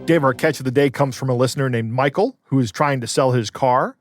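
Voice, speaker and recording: A man's voice: mid-range voice, brisk, faint music behind. A man co-hosting a podcast, reading listener stories with playful mock earnestness and joking along. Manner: playful, laughs at his own jokes, reads with lively mock earnestness. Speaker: podcast co-host.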